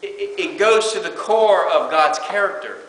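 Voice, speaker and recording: A man's voice: sits high, lively intonation, normal speed, a bit bright. A man preaching a conversational sermon, stepping into quoted prayers and doubters' words as he teaches. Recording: echoey hall with long reverb.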